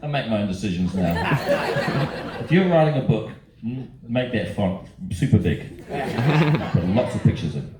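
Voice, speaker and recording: A New Zealand man in his forties jokes his way through a stage interview, deadpan and playful. His pitch swings widely while his pace stays slow. He sounds distant in a roomy theater, with a loud audience around him. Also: very noisy. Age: 40s. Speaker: filmmaker guest. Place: large theater before a live audience.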